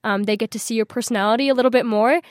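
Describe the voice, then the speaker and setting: Bubbly young woman, bright higher voice. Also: rapid-fire, no room sound, clean studio sound. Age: young adult. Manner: bubbly, laughing, animated retelling. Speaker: interview guest, scholarship winner. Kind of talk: casual storytelling in interview.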